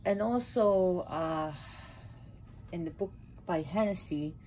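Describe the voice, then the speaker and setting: A woman with a low, unhurried voice talks through old myths at home, drifting off topic and catching herself. A faint hum of room ambience sits behind her. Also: mellow. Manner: rambling, self-correcting, with sudden outbursts. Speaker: pagan video host. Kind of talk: casual talk about mythology while arranging an altar.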